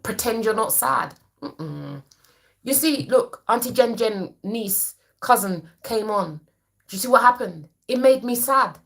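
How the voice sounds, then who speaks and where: A woman, a therapist, giving an emphatic, colloquial motivational talk to camera in a preachy manner. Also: mid-range voice.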